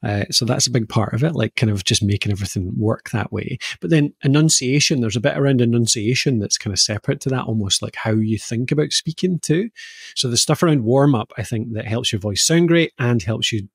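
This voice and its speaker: A Scottish man co-hosting a podcast, easily explaining voice warm-ups and playfully demonstrating vowel sounds. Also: mid-range voice, brisk, vocal fry, breathy edge, dry recording, clean studio sound. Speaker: podcast co-host explaining voice skills. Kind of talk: casual podcast chat.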